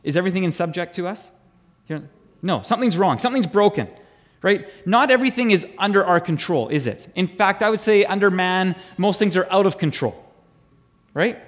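Pastor, male, high animated voice; chatty sermon delivery that quizzes the room. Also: brisk. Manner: chatty, asks the congregation questions, repeats words. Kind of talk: conversational sermon.

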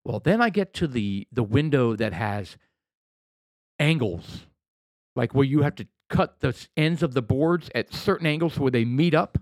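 A man co-hosting a podcast in casual banter, animated, rambling and self-mocking. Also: medium pitch, normal speed, no echo, studio quality. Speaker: podcast co-host.

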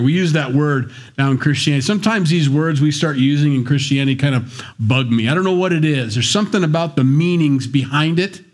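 A man preaching a sermon in a conversational way, with wry asides and little acted-out voices. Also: medium pitch. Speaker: pastor. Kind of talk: sermon, Bible teaching.

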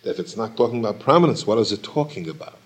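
A man's voice: on the low side, lively intonation, fast. A man teaching a Torah lecture, posing questions and repeating phrases for emphasis. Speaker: rabbi teaching Talmud.

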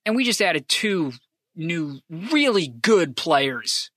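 A man's voice: on the high side, slow pace, no echo, studio quality. A man hosting a podcast, delivering a profane, fired-up sports fan rant with lots of repeated emphasis. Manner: lively swings between loud and hushed. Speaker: podcast host.

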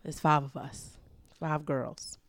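A woman in her twenties from Harlem, New York, telling stories lively as a guest in a casual interview. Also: deep voice, slow pace, gravelly. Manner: animated storyteller, acts out others' lines with laughter. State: pregnant. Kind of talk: casual storytelling chat.

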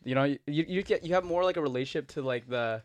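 A man co-hosting a casual podcast, talking in a hesitant, halting way. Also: a little high, dry recording. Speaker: podcast co-host.

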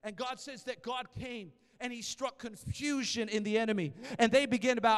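A male pastor preaching a sermon with passion, swinging between loud exhortation and hushed storytelling. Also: very high voice, fairly even intonation, normal speed, hardly any pauses, smooth. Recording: long hall reverb.

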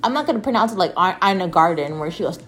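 A woman in her twenties from the American Southwest, hosting a solo podcast and telling stories in an animated, chatty way, full of "like" and restarts. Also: on the low side, rapid-fire, soft background music. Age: 20s. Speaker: podcast host. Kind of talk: casual solo podcast monologue.

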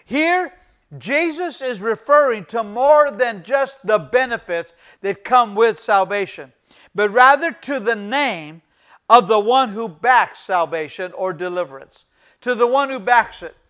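Brief: middle-aged man, pastor, very high voice, emphatic and repetitive sermon delivery. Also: expressive, unhurried. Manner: emphatic, repeats key phrases for emphasis; addresses the congregation as ladies and gentlemen.

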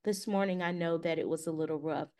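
A woman co-hosting a podcast, telling a story in a casual, animated way and acting out the dialogue. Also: sits low, fast. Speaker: podcast co-host.

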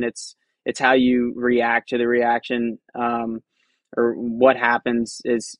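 A man who works as a tour caddy, answering interview questions in a relaxed, conversational way, often saying "you know" and "man". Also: mid-range voice, no echo. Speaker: tour caddy, podcast guest.

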